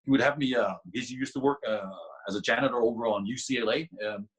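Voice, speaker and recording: A man's voice: medium pitch, fast, husky, poor audio. A man guest on a podcast, telling a story casually with lots of restarts and laughter. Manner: animated, laughing, many restarts.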